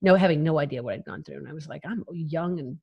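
Frank, low-voiced woman telling her story. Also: very fast, gravelly, breathy edge, lo-fi sound. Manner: frank, emphatic, laughs between phrases. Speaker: interview guest. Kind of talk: candid personal storytelling.

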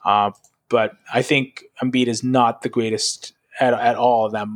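Rambling sports podcast host. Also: male voice, medium pitch, flat delivery, unhurried. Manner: rambling, fills with "like" and "right?". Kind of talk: casual sports chat.

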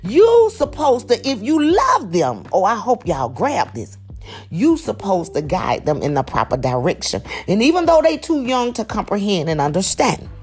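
A woman's voice: medium pitch, sing-song, moderate pace, darkish tone, breathy edge. A woman giving an emphatic, preachy motivational talk, calling out to her listeners with faint music behind her. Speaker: motivational speaker.

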